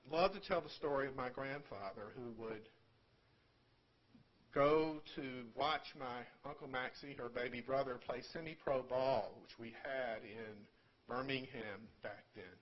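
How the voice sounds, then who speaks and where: An older man delivers a funeral eulogy for his mother in a room at a service, halting and repeating words, with gentle humor. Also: medium pitch, highs cut off. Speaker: son giving a eulogy.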